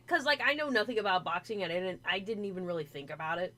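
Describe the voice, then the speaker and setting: A woman hosting a casual podcast chat, animated and swearing freely with lots of fillers. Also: mid-range voice, fast. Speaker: podcast host.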